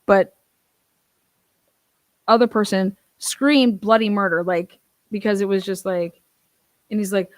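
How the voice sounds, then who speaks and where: A young adult woman giving casual true crime commentary, blunt and profane, telling stories with animated asides. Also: mid-range voice, a little slow, long pauses, no room sound.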